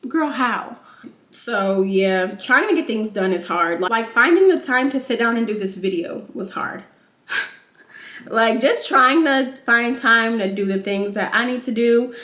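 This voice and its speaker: A woman's voice: on the high side, a bit bright, reverberant. A young woman vlogger and new mother chatting casually while doing her makeup, informal and talkative, peppering her talk with "like" and "y'all".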